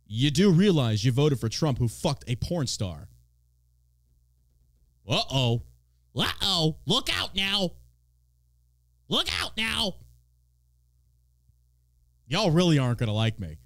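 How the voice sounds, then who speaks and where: A man's voice: a little high, big pitch swings, slow, long pauses, a bit bright, no room sound. A man from Texas hosting a podcast, ranting about politics in a mocking, profane way and swearing freely. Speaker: podcast host.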